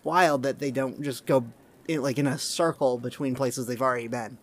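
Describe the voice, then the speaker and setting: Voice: mid-range voice, fairly even intonation, normal speed. Rambling, self-amused podcast host. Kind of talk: casual chat and reading aloud.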